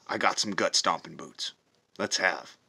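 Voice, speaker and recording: A man in a profane, confrontational patriotic rant for a reaction video, hammering his points with slow drawn-out stresses. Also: deep voice, creaky, sharp tone, breathy edge. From United States. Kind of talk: heated patriotic rant to camera.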